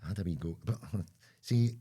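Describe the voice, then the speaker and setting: A man's voice: low voice, normal speed, warm tone, breathy edge. A Scottish man co-hosting a podcast, chatting casually and rambling, often trailing off mid-sentence while he hunts for words. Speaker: podcast co-host. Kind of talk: casual chat.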